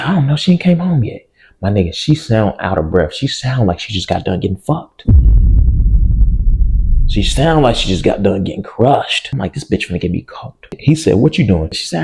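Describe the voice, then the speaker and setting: A young man telling a story to his camera in loose slang, swearing a lot and breaking into loud yelling. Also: low voice, slight background noise. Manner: animated, swears a lot, yells in bursts. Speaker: storytime vlogger.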